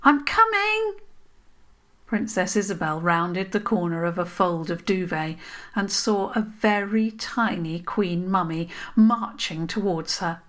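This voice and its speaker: A woman narrating a children's story in a gentle, unhurried way. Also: lowish voice, steady tone.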